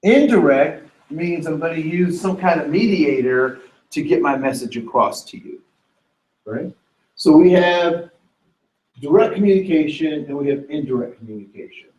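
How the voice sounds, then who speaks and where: A man leading a workshop on cultural communication, animated, asking the room questions and acting out what people say. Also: on the high side, moderate pace. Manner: animated, asks the room questions, acts out quotes. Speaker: diversity trainer. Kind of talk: workshop lecture. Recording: echoey room, from a distance.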